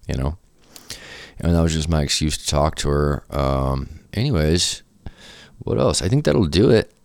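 Podcast host, young man, very low smooth voice, dry close sound, casual and profane. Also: no echo. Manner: loose, profane, swings into animated quoted voices. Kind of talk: casual storytelling chat.

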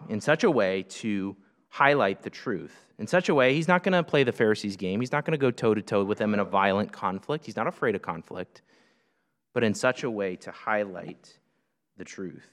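A man's voice: on the low side, a bit bright. A man preaching a sermon, emphatic and full of rhetorical questions. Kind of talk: sermon teaching. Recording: long hall reverb.

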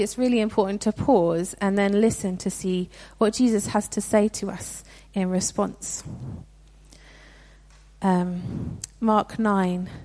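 A woman's voice: medium pitch, dark tone. Earnest young woman preaching. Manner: conversational and earnest, with fillers and restarts. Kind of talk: sermon.

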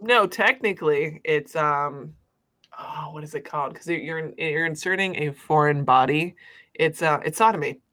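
A woman co-hosting a podcast in casual chat about a film, chatty, with frequent quick agreeing interjections. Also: sits low, fairly bright tone. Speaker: podcast co-host. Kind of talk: casual movie recap chat.

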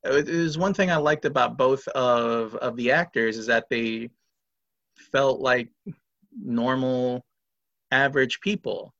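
A man's voice: mid-range voice, steady tone, measured pace, gravelly, fairly bright tone, no echo. A man co-hosting a podcast, thinking aloud about a film's actors with many fillers and restarts. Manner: rambling, hedging with fillers. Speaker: podcast co-host. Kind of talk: casual film discussion. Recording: dry dull lo-fi audio.

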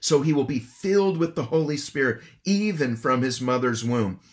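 A man's voice: medium pitch, animated, moderate pace. Guy preaching a bible sermon, earnest, leans hard on key words, asks the crowd stuff. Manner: earnest, emphatic, rhetorical questions to listeners. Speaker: pastor. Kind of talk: expository sermon.

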